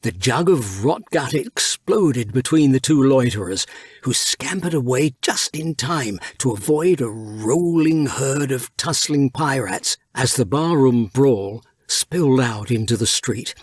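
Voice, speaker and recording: Guy reading a pirate storybook aloud, husky voice, slow and bouncy, dry close mic. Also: mid-range voice, no room sound. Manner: lively, unhurried reading. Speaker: audiobook narrator. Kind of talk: scripted storybook narration.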